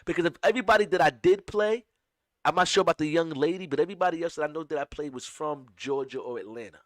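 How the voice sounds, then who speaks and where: A man's voice: a little high, quick pace, dry recording. A man from upstate New York hosting a casual commentary, talking emphatically with many restarts, close to a dry mic. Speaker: host.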